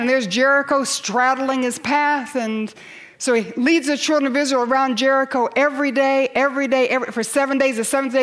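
A woman preaching a sermon to a congregation in church, building to loud cries and dropping to near whispers. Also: sits high.

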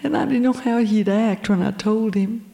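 A woman's voice: medium pitch, normal speed, vocal fry. Older woman telling her testimony. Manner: animated storyteller acting out voices. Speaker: speaker giving her testimony. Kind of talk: storytelling testimony to an audience. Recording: long hall reverb.

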